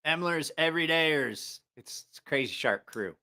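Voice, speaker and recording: Man, live-stream host, casual storytelling, profane, rambling, laughs a lot, bright tone. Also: fairly high pitch, lively intonation, unhurried. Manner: rambling, profane, laughs at his own stories.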